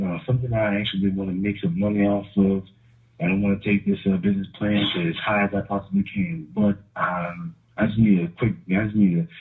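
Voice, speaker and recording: A man calling in to a talk show with a low, smooth, sultry delivery. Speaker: caller. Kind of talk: phone call to a talk show. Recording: tinny phone line.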